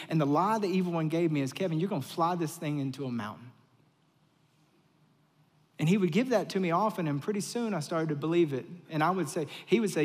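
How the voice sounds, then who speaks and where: A male pastor giving a conversational sermon, telling stories, repeating phrases for emphasis, and swinging between hushed and loud delivery. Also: fairly high pitch, fast talker. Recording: long reverberant hall sound.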